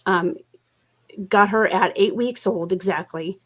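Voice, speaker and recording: A woman's voice: medium pitch, a little slow. A middle-aged woman hosting a casual craft livestream, telling stories with frequent laughs and restarts. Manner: chatty storyteller, laughs often, many restarts. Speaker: livestream host.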